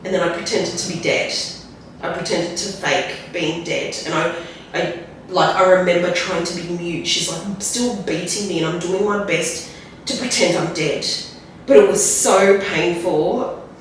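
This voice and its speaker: A woman guest telling a candid personal story in a rambling, halting way, often tagging lines with "right?". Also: fairly low pitch. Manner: rambling, tag questions like "right?"; halting, restarts when emotional. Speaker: podcast guest. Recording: very echoey room, distant mic, faint noise.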